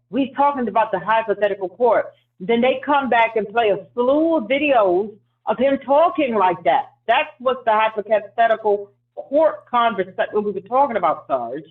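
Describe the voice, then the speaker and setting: A man's voice: extremely high pitch, lively intonation, normal speed. A man on a call-in show, frustrated and stammering, restarting his sentences as he argues. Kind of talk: heated call-in debate. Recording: tinny phone line.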